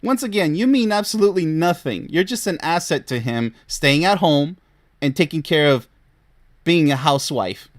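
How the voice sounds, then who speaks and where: A man with a slightly high voice gives exasperated commentary as a relationship coach. He scolds and sounds incredulous, and he breaks into short laughs of disbelief between remarks. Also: expressive, normal speed. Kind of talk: reaction commentary.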